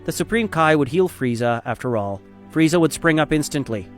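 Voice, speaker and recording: A man narrating a fan story in a steady, dramatic storytelling style. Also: fairly high pitch, brisk, faint music behind.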